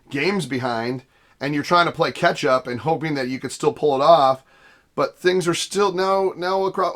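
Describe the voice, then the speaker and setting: A gaming channel host rambles casually in his vlog from a home basement studio room, recorded on a desk camera setup. He often interrupts himself and laughs, and his voice is on the high side with a fairly bright tone.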